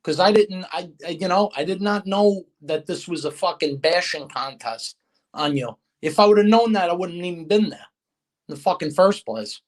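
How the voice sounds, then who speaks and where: A man's voice: high-pitched, animated, moderate pace. A man in casual chat as a guest, venting with heated, profane talk and retelling conversations.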